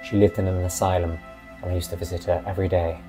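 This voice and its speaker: Man doing a sad elf vampire, calm, low voice, quiet, faint music underneath. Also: fast, lightly acted. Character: calm, sorrowful good elf vampire man, centuries old. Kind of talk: reading a character monologue.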